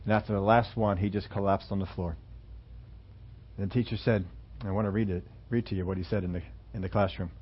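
A man delivers a sermon through a long illustration story, pausing and restarting as he goes. His voice sits low, and the recording is muffled and lo-fi. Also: fairly even intonation. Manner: halting, with fillers and restarts. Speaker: preacher.

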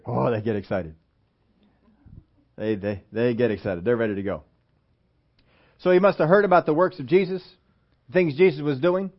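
Animated man preaching a sermon. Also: fairly high pitch. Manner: animated, acts out quotes, asks the congregation questions. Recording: dull lo-fi sermon recording.

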